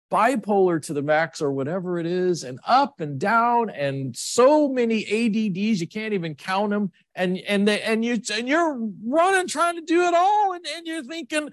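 A middle-aged male pastor preaching a sermon in an emotional, rambling way, with frequent restarts and sudden jumps up and down in pitch. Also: animated, measured pace, dry recording, clean studio sound.

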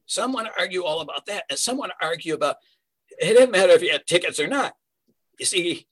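Husky man preaching a Bible sermon. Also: sits high, a bit bright, poor audio. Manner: earnest teaching, rhetorical questions, varied emphasis. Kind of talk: sermon, verse-by-verse Bible teaching.

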